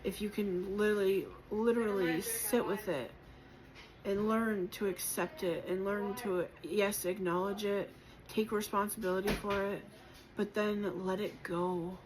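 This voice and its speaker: A woman giving a spiritual collective tarot reading, gentle and encouraging, reflective, with many pauses and fillers and moments of emotion. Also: mid-range voice, fairly even intonation, crowd noise, poor audio. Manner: emotional at times. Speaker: tarot reader.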